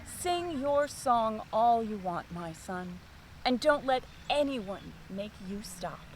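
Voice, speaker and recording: A hearty father mockingbird booms out his lines in a lowered, rounder voice, as a woman reads him aloud. He is warm but stern, scolding when crossed, and the storybook reading moves slowly and deliberately. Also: expressive, a little hiss or hum, rough recording. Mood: tender. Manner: hearty, booming, turns scolding.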